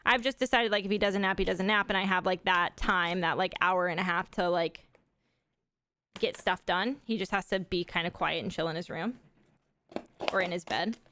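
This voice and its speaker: A young woman and mother chatting casually on a live stream, excitable and gushing. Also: fairly low pitch, moderate pace, a little hiss or hum. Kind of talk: casual chat.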